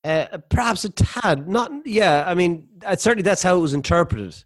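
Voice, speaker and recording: Man hosting a radio chat. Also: sits high. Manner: relaxed, questioning, halting restarts. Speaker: radio host. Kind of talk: conversational interview.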